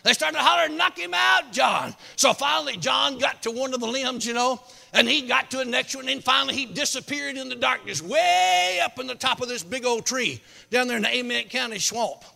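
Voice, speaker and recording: A man preaching a sermon, telling a folksy tall tale with shouts and whoops. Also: very high voice, animated, a little fast, vocal fry, long reverb tail. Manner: shouting, hollering storyteller with whoops.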